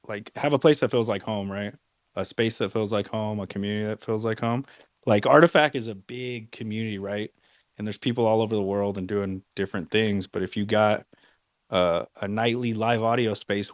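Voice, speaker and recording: A man co-hosting a live audio chat, telling a story in a relaxed, slangy way. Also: fairly low pitch, no echo, clean studio sound. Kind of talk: casual chat.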